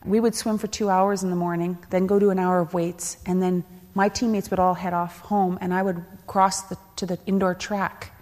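A woman tells a personal story on a panel in a candid, animated way. Her voice sits a little low. The sound carries a long reverb from a large hall. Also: moderate pace, few pauses. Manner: candid, laughing, acts out quoted voices. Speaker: panelist, former elite athlete.

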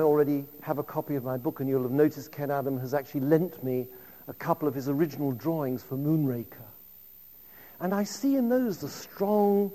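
Man, 50s, lecturer; a slightly high, anecdotal and conversational voice, recorded with long hall reverb. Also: dark tone. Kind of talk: public lecture.

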